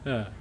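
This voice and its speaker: A man's voice: darkish tone, slight background noise. An Australian man streaming a game reaction, telling a rambling casual anecdote full of fillers and laughter.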